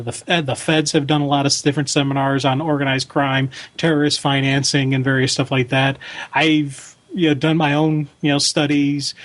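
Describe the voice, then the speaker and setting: A man co-hosting a fan podcast, talking in a casual, rambling way with lots of fillers and restarts. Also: a little high. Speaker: podcast co-host. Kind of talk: casual chat.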